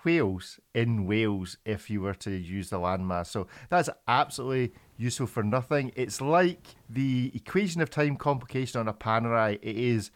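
A man's voice: mid-range voice, moderate pace, hardly any pauses. Wry male podcast host. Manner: wry, jokey. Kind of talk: casual podcast chat.

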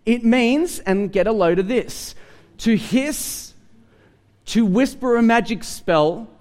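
A man preaching a sermon to a congregation, animated and humorous, often repeating words as he starts sentences. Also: high voice. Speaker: pastor.

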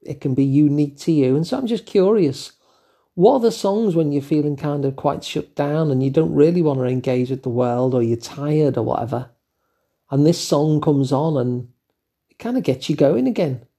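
Older English male host, dark husky voice, calm reflective delivery. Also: fairly high pitch, moderate pace. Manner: gentle, musing, with fillers and asides. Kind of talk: reflective solo talk.

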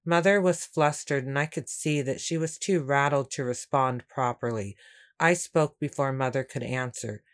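A woman reading a first-person story aloud in a steady, measured way. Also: a bass voice. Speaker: audiobook narrator. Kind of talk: first-person scripted narration.

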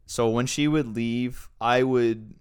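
A man's voice: mid-range voice, fairly even intonation, slow pace, clean tone. A young man telling a story in casual podcast chat, crude and profane, ranting with plenty of swearing.

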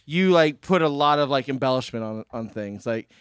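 A man's voice: mid-range voice, animated, normal speed, smooth, no echo, studio quality. A man in casual podcast chat who teases, laughs a lot and talks back.

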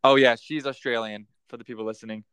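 A man's voice: medium pitch, steady tone, fast talker, fairly bright tone, clear, resonant tone, dry recording. A man hosting a casual podcast chat, joking and laughing often. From United States. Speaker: podcast host.

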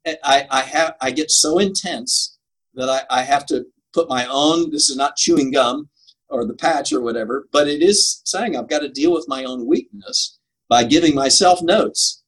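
A man's voice: fairly high pitch, normal speed, a bit bright, breathy edge, rough recording. An older man answering interview questions about preaching, earnest and emphatic, laughing at himself now and then. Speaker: preaching coach.

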